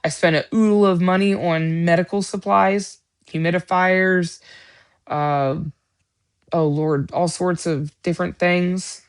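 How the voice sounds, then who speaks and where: A woman's voice: lowish voice, fairly even intonation, a little slow, clean tone. A middle-aged woman hosting a livestream Bible study, talking in an earnest, rambling casual chat with many fillers.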